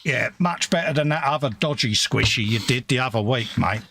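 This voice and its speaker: A man's voice: medium pitch, animated, brisk, creaky, bright, forceful tone, slight background noise. A man co-hosting a casual live stream, reading out viewer comments and greeting them by name. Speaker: co-host of a live modelling stream.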